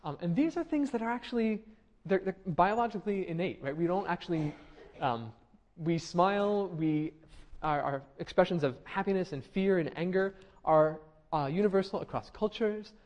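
A man's voice: high voice, lively intonation, normal speed, darkish tone, lo-fi sound. A man giving a classroom lecture, conversational, with frequent fillers and restarts, asking the class questions. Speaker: university lecturer.

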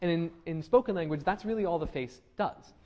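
Chatty male lecturer, slightly higher voice. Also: brisk, dull audio. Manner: conversational, frequent fillers and restarts, asks the class questions. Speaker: university lecturer. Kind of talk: classroom lecture. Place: classroom.

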